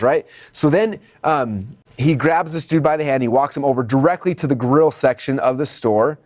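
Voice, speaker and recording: A man teaches marketing at a rapid clip, animated and playful. He slips into high put-on voices for shoppers and clerks. The sound is dry and close, with no room echo. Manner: animated, acts out customer dialogue in high voices. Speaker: marketing instructor. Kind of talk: whiteboard lecture.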